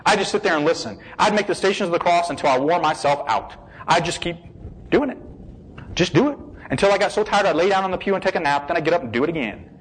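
A man giving an emotional personal testimony, shifting between hushed, slow passages and excited bursts. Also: on the high side, husky, low-quality recording.

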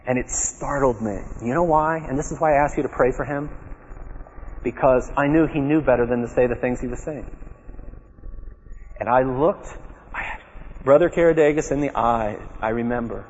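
A man giving a personal testimony talk to an audience, telling his story in a lively way and acting out his own remembered words. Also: mid-range voice, normal speed, long pauses, slight background noise. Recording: dull, echoey hall recording.

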